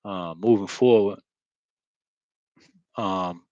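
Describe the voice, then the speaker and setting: Low-voiced man rambling with heavy sighs. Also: mellow, dry recording, dull audio. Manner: halting, with many fillers and heavy sighs; earnest and blunt, with casual swearing. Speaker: spiritual vlogger. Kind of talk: rambling spiritual monologue.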